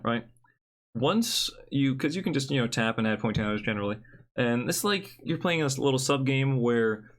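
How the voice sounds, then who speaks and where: A young man giving a casual, joking card review with blunt opinions. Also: mid-range voice.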